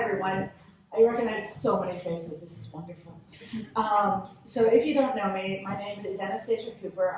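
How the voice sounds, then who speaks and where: A woman's voice: medium pitch, slight background noise. A woman from Texas, telling stories as a panelist at a convention panel, chatty and giggly. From Texas, United States. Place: large convention hall. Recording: echoey hall from far off.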